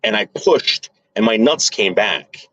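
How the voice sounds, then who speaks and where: A man's voice: fairly low pitch, lively intonation, a little slow, fairly bright tone, no room sound, lo-fi sound. A man vlogging to his viewers in a crude, rambling casual monologue full of fillers and restarts.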